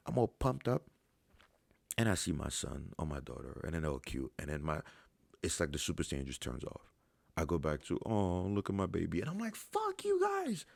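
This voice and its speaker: Gravelly deep-voiced man, blunt and profane. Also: no echo. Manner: emphatic, profane, swings between low mutters and sudden loud bursts. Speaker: dating coach answering viewer questions. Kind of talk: casual Q&A monologue.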